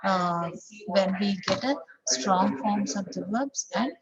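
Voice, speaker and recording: In this online English class, a woman with an Indian English accent speaks slowly at medium pitch, often saying "okay" and repeating example sentences. The video call recording has its highs cut off and crowd chatter in the background.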